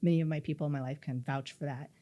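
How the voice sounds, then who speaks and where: The audio is dull, and the woman's low-pitched voice runs very fast. She's a middle-aged interview guest telling a personal story, animatedly acting out what was said.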